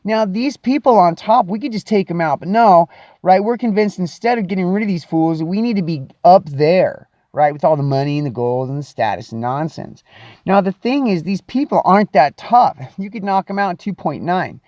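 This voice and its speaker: A man's voice: high-pitched, a little mellow, no echo, muffled recording. A man hosting his own show in a casual, playful monologue, stretching words out for dramatic effect. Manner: playful and theatrical, with drawn-out emphasis. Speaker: show host.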